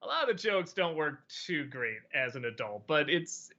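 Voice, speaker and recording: A man's voice: on the high side, normal speed, highs cut off. A man hosting a weekly question-and-answer stream, chatting casually and rambling through viewer questions with frequent laughs. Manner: relaxed, rambling, laughs often.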